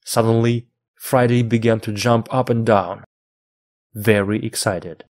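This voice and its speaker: Slow, low-voiced male story reader. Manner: measured, even phrasing for learners. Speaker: English teacher reading a book aloud. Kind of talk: slow, deliberate storybook reading.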